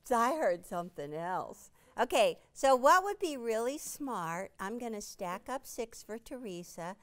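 A woman's voice: mid-range voice, clean tone. A woman hosting a live quilting demonstration, chatting playfully and quizzing a small studio audience. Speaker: quilting instructor and show host.

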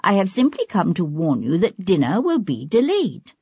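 A reader voicing a composed young noblewoman who speaks calmly and matter-of-factly, in an audiobook. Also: medium pitch, normal speed, vocal fry, husky, no echo, heavily acted. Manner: calm and matter-of-fact. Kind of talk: audiobook character voice. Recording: dull lo-fi audiobook recording.

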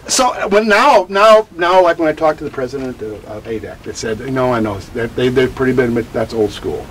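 A man who teaches about grief, answering interview questions in an animated, digressive way and acting out quotes. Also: mid-range voice, normal speed, slight background noise, rough recording. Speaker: grief educator.

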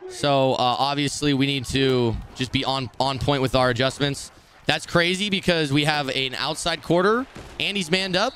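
A young man streaming a football video game, commenting live, swearing and swinging between muttered complaints and shouted reactions. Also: mid-range voice, normal speed, slight background noise. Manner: profane trash talk.

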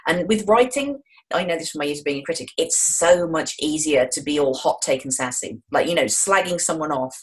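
A middle-aged woman from the English Midlands with a low, deep voice, talking fast and enthusiastically in an interview. She keeps it jokey and animated, often jumping into playful voices mid-story. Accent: Wolverhampton, English Midlands. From England. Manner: enthusiastic, jokey, quick to put on voices in anecdotes. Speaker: author and screenwriter guest.

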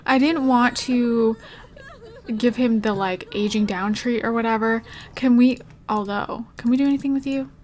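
A woman's voice: a little high, steady tone, moderate pace, darkish tone. A young woman giving emotional let's play commentary, gasping and exclaiming as she talks to her viewers.

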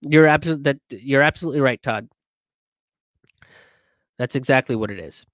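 Guy riffing on viewer comments, mid-pitch voice, dead dry sound, keeps restarting sentences. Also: normal speed, long pauses, no echo. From immigrant. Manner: conversational, many fillers and restarts, animated when quoting others. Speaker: comedian and show host reading viewer comments. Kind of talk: casual livestream commentary.

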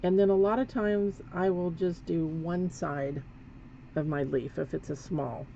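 Gravelly-voiced woman teaching painting. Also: fairly low pitch, fairly even intonation, measured pace, mellow. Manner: chatty, talks while working, self-correcting. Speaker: painting instructor. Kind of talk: live painting demonstration. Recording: dull lo-fi sound with faint background noise.

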